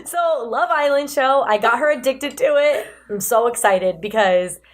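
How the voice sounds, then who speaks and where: A woman co-hosting a podcast in casual chat, chatty, quick to laugh, and prone to stumbling over her words. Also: fairly high pitch. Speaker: podcast co-host.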